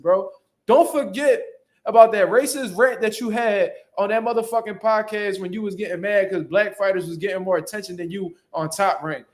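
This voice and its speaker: A man's voice: high-pitched, normal speed. A man hosting a casual boxing commentary show, talking bluntly with heavy slang and profanity. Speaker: boxing commentary channel host.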